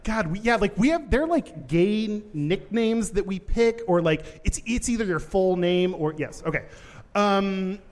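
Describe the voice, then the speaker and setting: A man co-hosting a podcast in front of a live audience, telling a story with lots of energy and jumping into high voices when he quotes people. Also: expressive, a little slow, big-room sound. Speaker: podcast co-host. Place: live show on stage.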